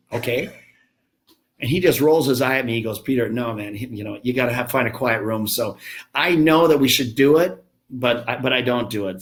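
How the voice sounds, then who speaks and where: A man in his fifties, a business founder telling blunt, chatty, self-mocking stories as a podcast guest. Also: mid-range voice. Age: 50s. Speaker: gym franchise founder, guest. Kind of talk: casual podcast interview.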